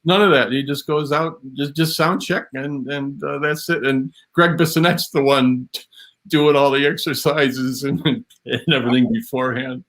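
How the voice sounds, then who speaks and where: A man from Buffalo, a drum historian guest, explaining in a halting way with many fillers. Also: mid-range voice, steady tone, fairly bright tone. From Buffalo, USA. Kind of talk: casual chat.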